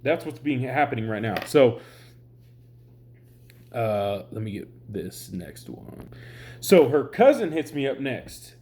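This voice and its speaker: In a heated vlog, a worn-out man who hasn't slept goes on a rambling, exasperated rant at his audience, cursing a lot. He speaks at medium pitch in a sing-song way, slowly and with long pauses, and his tone is dark.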